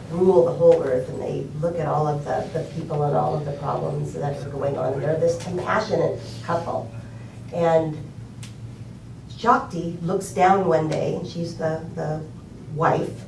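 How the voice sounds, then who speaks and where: A woman's voice: low voice, fairly even intonation, measured pace, reverberant, recorded from a distance, background noise. An older woman telling an inspirational story in a conversational way, with fillers and emphatic repetition. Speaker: speaker.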